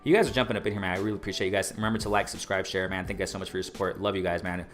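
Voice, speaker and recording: A man hosting a casual boxing livestream, reading chat aloud and repeating himself with excitement. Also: deep voice, very fast, soft background music. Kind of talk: casual live-stream commentary.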